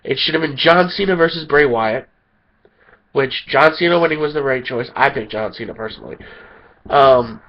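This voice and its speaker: A man's voice: medium pitch, normal speed, lo-fi sound. A man ranting angrily about wrestling, sounding tired and a little sick. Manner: heated, indignant ranting. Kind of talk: angry opinion rant.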